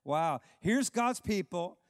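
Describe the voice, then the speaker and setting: A male pastor preaching a sermon in an emphatic way, repeating phrases and dropping low for stress. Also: expressive, slow, no echo, clean studio sound, in a large hall.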